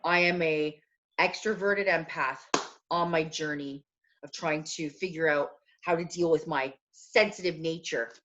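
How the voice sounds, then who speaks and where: A woman co-hosting a podcast, chatting casually and telling animated stories about her life. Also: low voice, unhurried, dull audio, a little hiss or hum. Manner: chatty, animated storytelling with acted quotes. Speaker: podcast co-host. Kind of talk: casual chat.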